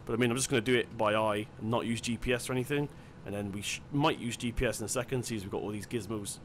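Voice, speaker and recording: A man's voice: on the low side, steady tone, racing, slight background noise. A man giving casual let's-play commentary, chatty and self-deprecating, thinking aloud as he plays. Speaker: gaming channel host.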